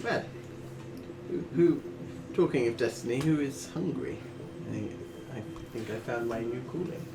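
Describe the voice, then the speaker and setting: A man playing a tabletop game, speaking in a hesitant, halting way with many restarts. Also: mid-range voice, expressive, background noise. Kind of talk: in-character tabletop banter.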